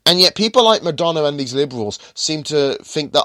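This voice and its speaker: A man's voice: a little high, very animated, fairly quick, hardly any pauses, fairly bright tone, dry recording. Guy ranting on his podcast, voice swings up and down a lot, indignant, dry close mic. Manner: emphatic, indignant ranting with rising and falling emphasis. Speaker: podcast host. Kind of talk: political commentary podcast.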